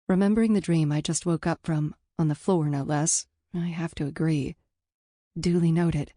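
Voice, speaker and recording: A woman's voice: sits low, fairly even intonation, moderate pace, mellow, dry recording, clean studio sound. A woman narrating a first-person audiobook in an intimate, candid storytelling manner.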